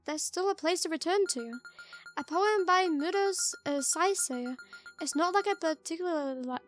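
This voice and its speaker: A woman voicing a soft-spoken young female murder suspect, gentle and eerie, reading a visual novel aloud in a quiet, hesitant way. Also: extremely high pitch. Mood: reflective.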